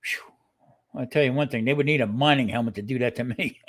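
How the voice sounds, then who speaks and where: A man's voice: medium pitch, quick pace, fairly bright tone. An older man co-hosting a cooking show in casual live-stream chat, rambling and restarting his sentences with frequent exclamations.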